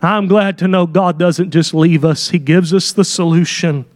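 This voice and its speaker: A man's voice: sits high, fairly even intonation, moderate pace, darkish tone. A man preaching a sermon with fervor, sometimes dropping into folksy asides. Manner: fervent, acts out quoted prayers.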